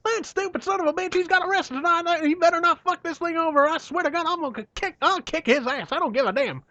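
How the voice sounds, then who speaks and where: A man's voice: very high voice, fast talker, sharp tone, no room sound, pitched above the performer's own voice. A man doing an impression of an irate older male wrestling manager in screaming, cursing tirades. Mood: furious. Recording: dull lo-fi, dry.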